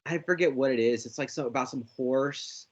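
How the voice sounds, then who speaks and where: A man's voice: medium pitch, brisk, lo-fi sound. A man co-hosting a casual podcast chat, loose and joking, with many fillers. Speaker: podcast co-host.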